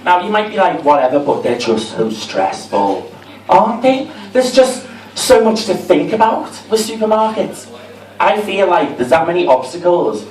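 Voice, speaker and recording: A man with a Liverpool accent performs a camp, chatty, self-mocking stand-up set in a comedy club. His high voice has a sing-song lilt and a darkish tone, and he speaks at a moderate pace. The recording sounds roomy and distant, with crowd noise around him.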